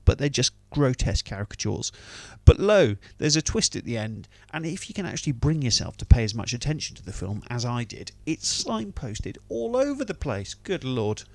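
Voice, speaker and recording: A man's voice: mid-range voice, no room sound. A British man giving a wry, dismissive film review in a casual monologue. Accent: British English.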